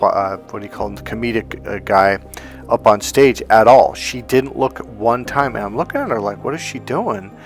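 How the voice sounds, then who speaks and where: A middle-aged man and self-help coach talking casually, telling stories with plenty of restarts and acting out what people said. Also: lowish voice. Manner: chatty, animated storytelling with acted-out quotes. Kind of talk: casual talking-head advice.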